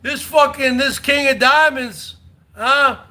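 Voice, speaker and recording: A New Jersey man hosting a rowdy livestream. His voice sits very high and bright, and he drags his words slowly as he taunts and swears. He keeps repeating the same jabs and breaks in with whooping shouts. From North Jersey. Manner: loud, combative, profane, repetitive taunting. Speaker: livestream host. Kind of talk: rowdy livestream rant to chat.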